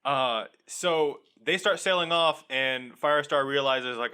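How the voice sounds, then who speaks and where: Bright-voiced man chatting casually. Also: mid-range voice, a little slow, smooth. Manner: laughs often, swears freely, acts out quoted lines. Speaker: podcast co-host. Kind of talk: casual chat.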